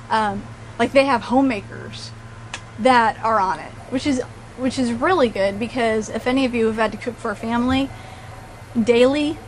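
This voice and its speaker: A woman's voice: on the high side, slight background noise, poor audio. A woman chatting casually to camera, rambling and gushing, with lots of fillers and restarts. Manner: gushing and excitable about favorite shows. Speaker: video blogger.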